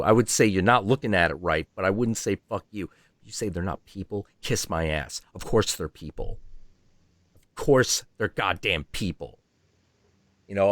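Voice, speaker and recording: A man's voice: lowish voice, no echo, studio quality. A man hosting a livestream, ranting heatedly and profanely, acting out imagined dialogue. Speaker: stream host.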